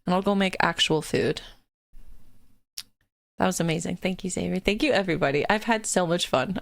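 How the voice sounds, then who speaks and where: This is a woman streamer on a casual live stream, giggly and quick to swear. Her voice has a gravelly, fried edge and is pitched in the middle range. The desk-mic sound is dry, with no room around it. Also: no echo. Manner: chatty, giggly, swears freely. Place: home streaming setup.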